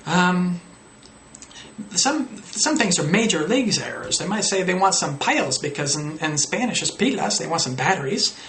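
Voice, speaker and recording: Gravelly man giving teaching tips, roomy echo. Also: sing-song, normal speed, fairly bright tone. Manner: explains casually, acts out student errors with pitch jumps. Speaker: English teacher. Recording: roomy echo with faint noise.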